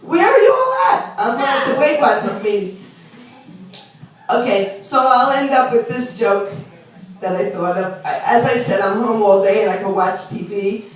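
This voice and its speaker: A woman's voice: fairly high pitch, very animated, unhurried. A woman, doing a chatty, self-deprecating stand-up set and talking to the crowd. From Long Island. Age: 60s. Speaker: stand-up comedian. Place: small club. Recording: roomy club sound from a distant mic.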